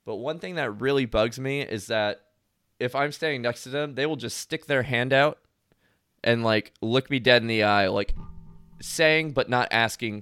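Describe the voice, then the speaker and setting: A man's voice: medium pitch, expressive, moderate pace, fairly bright tone, no room sound, studio quality. A man telling stories in casual chat, rambling with lots of "like" and frequent laughter.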